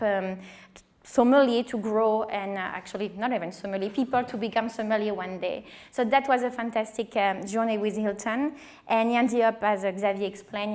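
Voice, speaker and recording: A woman in her thirties with a French accent and a small voice, telling her career story in a lively conference talk with many fillers. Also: medium pitch. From France. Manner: animated, acts out quoted dialogue, many fillers. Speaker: wine director giving a conference talk.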